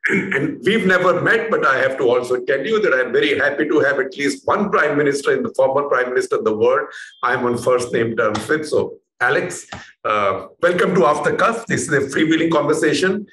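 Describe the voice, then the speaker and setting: A man's voice: mid-range voice, lively intonation, fairly quick, fairly bright tone. A man hosting an interview, introducing his guest and asking long, winding questions with many fillers. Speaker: interview host. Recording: echoey room with faint noise.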